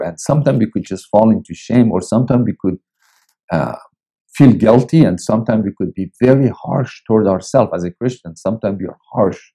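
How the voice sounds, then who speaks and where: A male pastor reading and preaching a devotional in a slow, deliberate way with long pauses. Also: on the low side, dark tone, breathy edge, low-quality recording. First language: Persian.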